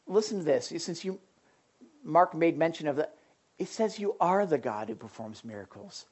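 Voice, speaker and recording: A woman preaching a sermon in an animated, conversational way, full of emphatic asides to the congregation. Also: low-pitched, normal speed.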